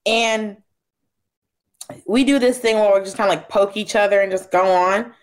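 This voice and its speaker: A woman comedian talking casually as a guest and telling stories, acting out family members in quick, shifting voices. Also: mid-range voice, fairly even intonation. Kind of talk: casual interview storytelling.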